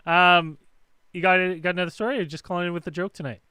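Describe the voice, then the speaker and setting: An upbeat, chatty male host running a call-in show. His voice is a little higher than most men's and sounds smooth and clear, recorded dry and close with no room echo. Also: steady tone, a little fast, sharp tone. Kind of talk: casual chat.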